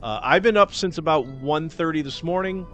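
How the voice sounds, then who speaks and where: A man's voice: on the high side, normal speed, fairly bright tone, soft background music. Rambling, joking male livestream host. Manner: rambling, joking and self-deprecating, with casual swearing. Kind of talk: casual cooking-show chat.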